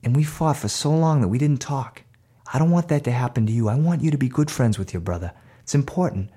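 A man's voice: mid-range voice, fast talker, dark tone, breathy edge, close to an everyday voice. A man voicing a firm but loving mother of two boys in a told story, speaking in a matter-of-fact way. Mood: gentle.

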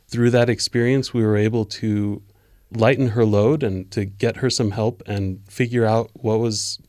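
A man co-hosting a faith discussion, telling a personal story in an earnest, measured way. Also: fairly low pitch, a little mellow, no room sound, clean studio sound.

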